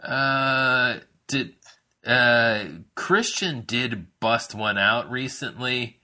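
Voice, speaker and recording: A man's voice: medium pitch, very slow, pushed and bright. A man co-hosting a casual wrestling chat, rambling with many fillers and restarts and often laughing. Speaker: podcast co-host.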